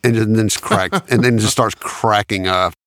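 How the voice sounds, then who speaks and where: A man's voice: fairly low pitch, a little slow, a bit bright, no echo. A man, a studio engineer and producer telling anecdotes in an interview and laughing often. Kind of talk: storytelling in an interview.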